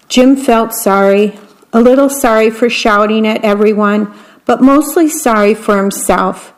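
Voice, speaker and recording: A woman reading picture books aloud in a gentle manner, describing the pictures as she goes. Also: medium pitch, poor audio. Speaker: read-aloud storyteller.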